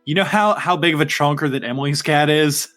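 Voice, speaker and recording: A man running a tabletop game, narrating scenes in a relaxed way with plenty of ums and uhs. His voice sits a touch high for a man, and faint music plays underneath. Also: fairly quick. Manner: relaxed, filler-heavy narration. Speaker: game master.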